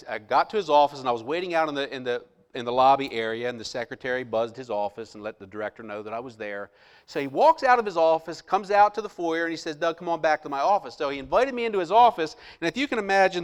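A middle-aged man, a pastor, telling a personal story in a sermon, quoting others and dropping into a hushed voice for inner thoughts. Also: mid-range voice. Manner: animated storyteller, drops to hushed voice for quoted lines.

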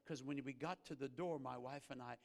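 A man preaching a sermon as a guest pastor, earnest, rising to emphatic peaks and then dropping low and slow. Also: fairly even intonation, vocal fry. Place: church sanctuary. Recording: reverberant church hall.

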